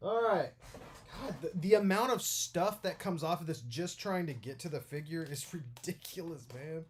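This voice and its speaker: Rambling, excitable young man unboxing. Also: on the high side, moderate pace, a little hiss or hum. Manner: rambling and excitable, full of fillers like "like". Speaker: toy unboxing vlogger. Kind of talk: casual unboxing commentary.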